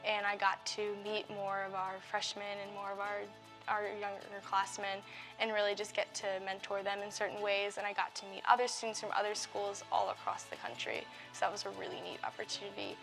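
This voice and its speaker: A woman's voice: mid-range voice, little pitch movement, a little fast, creaky, a bit bright, faint music behind, rough recording. A teenage girl student sincerely recounting a school trip in an interview.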